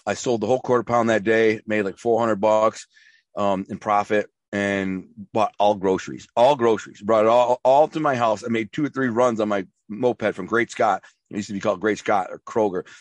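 A man's voice: fairly low pitch, normal speed, dry recording. A man being interviewed, telling his life story in a rambling, emphatic way with slang and restarts. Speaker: interview guest.

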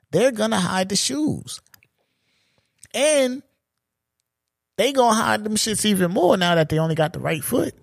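A man in his forties hosting a solo podcast, ranting in a loose, profane, animated way and laughing at his own jokes. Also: high-pitched, measured pace, vocal fry, pauses often, no echo, studio quality. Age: 40s. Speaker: podcast host. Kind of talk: solo comedic podcast rant.

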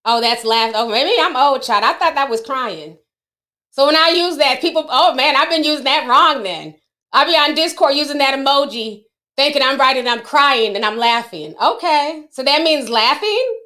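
A woman's voice: sits high, animated, normal speed, bright, forceful tone. A middle-aged woman hosting a casual livestream, chatting with her viewers and laughing often. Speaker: livestream host.

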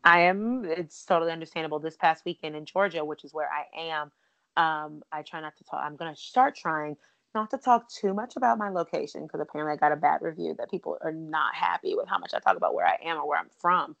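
A woman's voice: low-pitched, fast, gravelly, fairly bright tone, no room sound, dull audio. A woman hosting a podcast, chatting casually and bubbly with lots of asides. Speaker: podcast host.

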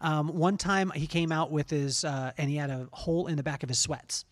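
Podcast host, male, forties, higher pitch, rambling and self-mocking. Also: fairly even intonation, normal speed. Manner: self-deprecating, rambling with restarts. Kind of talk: casual storytelling interview.

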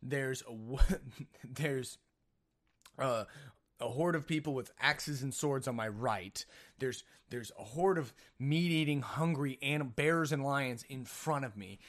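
A man's voice: mid-range voice, fairly bright tone. A man hosting a casual solo podcast, telling a rambling story full of jokes and self-mocking asides. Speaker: podcast host.

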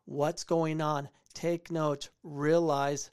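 A man's voice: a little high, flat delivery, extremely slow, a little mellow, clean tone. A man hosting a show about soccer clips, giving casual, opinionated commentary and repeating phrases for emphasis. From United States. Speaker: podcast host reviewing soccer clips.

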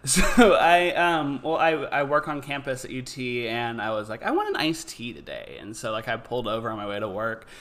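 A man's voice: medium pitch, steady tone, moderate pace, hardly any pauses, a bit bright. A young man co-hosting a casual comedy podcast, joking, laughing often and wandering into asides. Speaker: podcast co-host.

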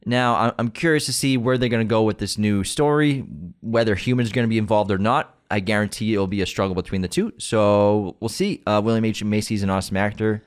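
A man's voice: on the low side, a little fast, few pauses, smooth. A man co-hosting a movie news show, reading out items and joking with his co-host. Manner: relaxed, joking, reads news items aloud. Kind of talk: casual chat.

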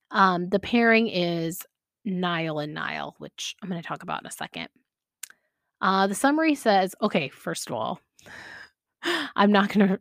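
A woman's voice: fairly low pitch, no room sound, studio quality. A woman hosting a podcast, chatting casually with frequent laughs and fillers. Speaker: podcast host. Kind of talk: casual chat about fan fiction.

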